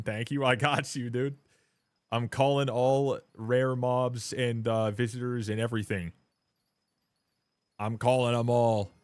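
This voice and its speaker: A man streaming a game live, chatting casually and rambling, swearing often and getting loud and hyped when thanking viewers. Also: mid-range voice, no room sound. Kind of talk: casual live-stream chat while gaming.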